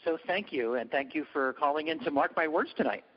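A man hosting a call-in radio show, supportive and halting with fillers as he closes a call. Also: a little high, animated, husky, long reverb tail. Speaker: radio talk show host. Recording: dull lo-fi radio sound.

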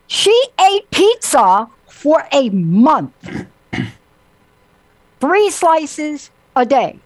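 A woman hosting a casual talk show, her voice sitting a little high and recorded close and dry. She tells lively stories, acting out what people said. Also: takes it slowly, no room sound, low-quality recording. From Italian heritage. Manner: animated storytelling, acting out quotes. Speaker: host. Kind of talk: casual chat.

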